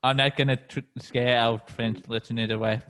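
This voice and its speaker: Easygoing Australian man, halting chat. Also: medium pitch, flat delivery, a bit bright. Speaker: podcast co-host. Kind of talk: casual chat.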